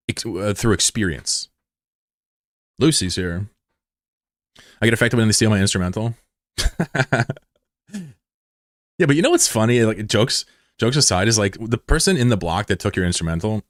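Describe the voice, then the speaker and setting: A man's voice: fairly low pitch, no echo, clean studio sound. A man streaming a game, chatting casually with viewers in a joking, laid-back, profane way.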